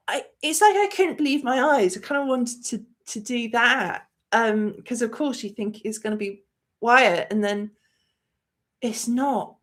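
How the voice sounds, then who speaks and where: A woman hosting a movie channel livestream, chatting effusively and reading viewer comments aloud. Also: medium pitch. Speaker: movie review channel host. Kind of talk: casual livestream chat.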